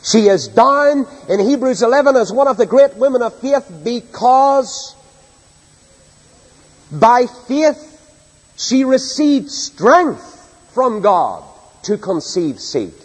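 Reading scripture in an evening sermon, a man speaks slowly with long pauses, his high, husky voice animated and swinging widely in pitch for emphatic, dramatic effect. A long, large-hall reverb carries his voice.

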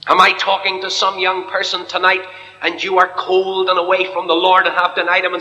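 A man preaching an evangelical sermon to a congregation in church, impassioned, dropping to a hush and then rising high. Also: completely flat delivery, a little fast. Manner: impassioned, swinging from hushed to soaring. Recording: long reverb of a hall.

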